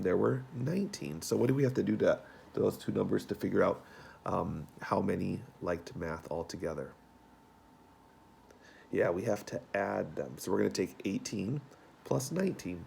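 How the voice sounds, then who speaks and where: Male teacher, deep gravelly voice, easygoing and folksy, homework walkthrough for kids. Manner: relaxed, folksy, with frequent fillers.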